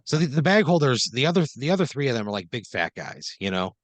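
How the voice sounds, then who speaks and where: A man's voice: medium pitch, big pitch swings, fast, no room sound. A man improvising a comedic second-person story on a podcast, rambling loosely with lots of fillers.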